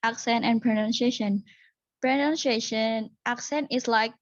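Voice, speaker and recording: A woman's voice: on the high side, no echo. Hesitant woman on a muffled call. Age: 20s. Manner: hesitant, searching for words, many fillers. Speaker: guest speaker. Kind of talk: casual online discussion. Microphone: video call.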